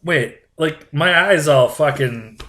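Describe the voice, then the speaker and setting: A man's voice: a little high, slow, bright, forceful tone. A man in his thirties, a podcast co-host, telling a profane story in casual chat and acting out what others said. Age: 30s.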